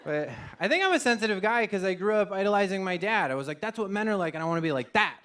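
A man's voice: high voice, animated, fast talker, fairly bright tone, clean tone. A man performing a self-mocking stand-up comedy set on a TV stage, acting out silly voices. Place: TV studio stage with live audience. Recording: audience laughter and studio noise. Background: audience laughing.

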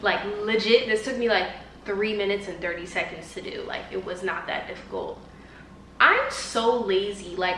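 A woman's voice: mid-range voice, bright, forceful tone, distant mic, a little hiss or hum. A young woman, talking casually and directly to her viewers in a home vlog. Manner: chatty, bubbly, talks straight to viewers. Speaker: vlogger. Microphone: phone on tripod. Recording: roomy home audio from a bit off-mic.

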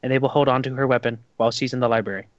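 A man's voice: mid-range voice, fairly even intonation, very fast, no echo, highs cut off. A man, casually narrating a tabletop game as dungeon master.

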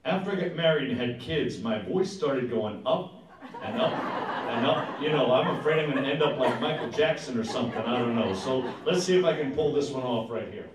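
A man's voice: mid-range voice, lively intonation, a little fast, a crowd in the background. A man, a singer and entertainer, chatting between songs at a live show with jokey, self-mocking banter. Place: performance hall. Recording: echoey hall, distant mic, live music.

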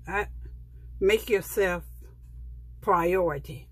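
A woman's voice: on the low side, extremely slow, breathy edge, no echo. A middle-aged woman, chatting with her viewers as she flips through a sticker book and gushes over each page. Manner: chatty, gushing, talks softly to viewers. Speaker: planner vlogger. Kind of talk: casual show-and-tell of a sticker book.

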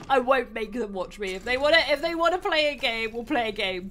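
A young woman hosts a live game stream with a high, bright voice that leaps up and down as she plays. She talks excitably, exclaiming and laughing through the action. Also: moderate pace. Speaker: streamer host. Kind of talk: live gameplay commentary.

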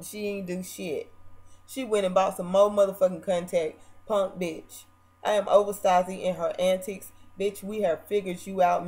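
Brash, profane woman ranting. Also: medium pitch. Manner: theatrical, swings between loud and muttered. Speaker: vlogger. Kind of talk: casual reality-TV rant.

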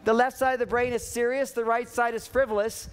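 High-voiced man giving a playful seminar. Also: flat delivery, brisk, smooth. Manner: playful, acts out quoted voices. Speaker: seminar speaker. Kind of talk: humorous seminar talk. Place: outdoor stage, windy. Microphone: microphone catching wind.

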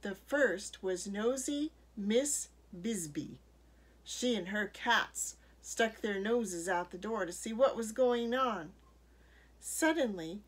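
A woman reading a children's picture book aloud in an expressive way. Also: medium pitch, slightly rough. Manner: expressive, slow read-aloud. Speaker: storyteller.

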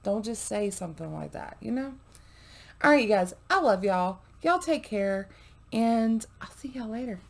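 A woman's voice: fairly high pitch, lively intonation, normal speed, creaky. Chatty woman reacting to a video. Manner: chatty, frequent fillers, drops to murmurs. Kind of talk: casual chat to viewers.

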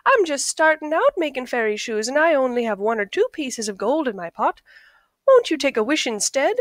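A woman voicing a tiny male leprechaun who pleads in a high, loud voice. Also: big pitch swings, normal speed, no echo, clean studio sound. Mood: pleading.

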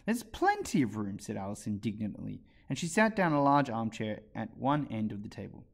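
A man reading a children's book aloud as a storyteller, with an expressive narration. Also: lowish voice, fairly quick, gravelly. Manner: expressive, animated read-aloud.

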